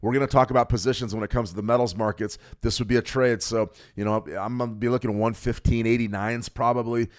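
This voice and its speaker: A middle-aged man hosting a live trading stream, giving chatty, energetic market commentary and greeting viewers by name. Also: medium pitch, fast talker, hardly any pauses.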